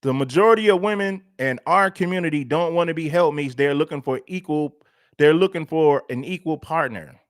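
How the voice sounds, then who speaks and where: A man's voice: on the high side, fairly quick, no room sound, clean studio sound. A male livestream host giving emphatic, preachy, repetitive commentary. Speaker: show host.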